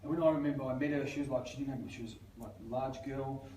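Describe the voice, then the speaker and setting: A man's voice: mid-range voice, steady tone, fast talker, mellow. A man, a coach telling stories in casual seminar talk and swearing freely. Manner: swears a lot, storytelling with acted quotes. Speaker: life coach. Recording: echoey room, far from mic, faint noise.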